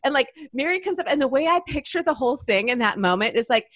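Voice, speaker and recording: A middle-aged woman speaking as a guest on a faith show, lively and laughing often as she acts out quoted voices. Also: high voice, fast talker, no room sound. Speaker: guest author and women's ministry leader. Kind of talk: faith podcast conversation.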